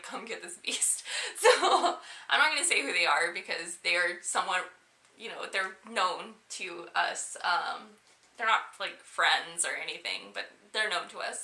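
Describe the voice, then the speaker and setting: A woman's voice: medium pitch, pushed and bright. A young woman vlogger telling a personal story to camera in a chatty, casual way, laughing often between fillers. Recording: echoey room.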